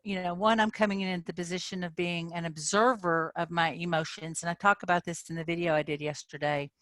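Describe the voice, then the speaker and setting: Speaking fairly quickly in a lowish voice, this woman, a manifestation coach, talks informally to her members in an online session. She keeps asking "okay?" and gets animated as she acts out frustration. There is no room sound.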